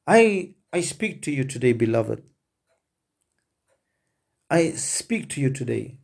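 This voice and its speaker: A man's voice: medium pitch, sing-song, takes it slowly, creaky, long pauses, darkish tone. A male preacher giving an earnest, emphatic sermon, addressing his listeners as beloved.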